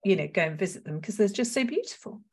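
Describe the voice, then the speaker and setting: A woman's voice: mid-range voice, animated, fast talker, slightly rough. A woman from Wales with a Welsh accent, co-hosting a casual food podcast in a chatty, lilting way. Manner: chatty, lilting, laughs easily. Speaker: podcast co-host. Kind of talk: casual chat.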